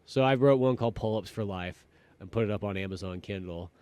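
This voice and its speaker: Male podcast co-host, quick and rambling, swears casually, dry close mic. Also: lowish voice, clean tone, no room sound. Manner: animated, swears casually, rambling with many fillers. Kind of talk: casual chat.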